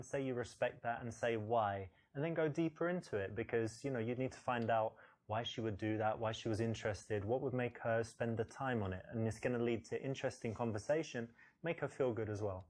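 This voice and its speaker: A man's voice: medium pitch, fairly quick, a little mellow, lightly acted. An actor playing a male dating coach in a game, explaining advice in a matter-of-fact way. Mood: advising.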